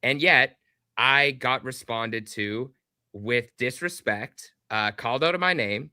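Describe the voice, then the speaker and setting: A man on a podcast, laying out his side of an online dispute in a measured way with fillers. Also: mid-range voice, bright, forceful tone, clear, resonant tone, no room sound, studio quality. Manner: measured, explaining with hesitant fillers. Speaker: podcast guest. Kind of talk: casual podcast chat.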